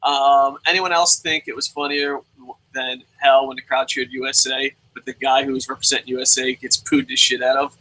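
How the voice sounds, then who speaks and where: A young man hosting a casual live review alone, reading viewer comments aloud and swearing freely as he jumps between loud outbursts and mumbled asides. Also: mid-range voice, little pitch movement, moderate pace, low-quality recording. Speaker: show host.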